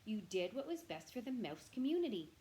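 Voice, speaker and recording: Brief: stern elderly head mouse of a storybook council, firm and commanding, read by a woman, mid-pitched. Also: big pitch swings, brisk, warm tone, slight background noise, natural voice.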